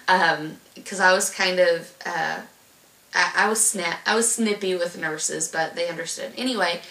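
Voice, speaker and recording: A young woman rambles through a personal story, her voice bright and ringing. She talks with plenty of ums and false starts, recorded from a little distance in an echoey room. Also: lowish voice. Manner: rambling with many fillers and restarts. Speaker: vlogger telling her birth story.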